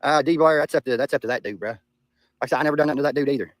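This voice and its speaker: He talks very fast at a medium pitch, recorded cleanly with studio quality and no echo. The speaker, an Eastern Kentucky man with an Appalachian accent, rambles profanely in casual livestream chat beside a river.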